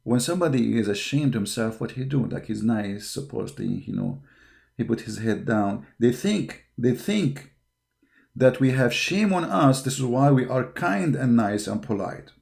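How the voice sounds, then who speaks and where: A man's voice: mid-range voice, expressive, normal speed, gravelly, a little mellow. A man hosting an online show, delivering a combative, impassioned monologue full of repeated words and fillers. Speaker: online apologetics show host.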